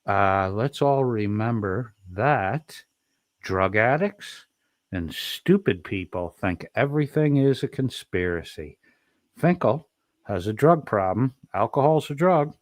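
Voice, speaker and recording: A man's voice: fairly low pitch, animated, takes it slowly, dry recording, clean studio sound. A man streaming profane, mocking commentary, swearing constantly and throwing insults at someone in a clip.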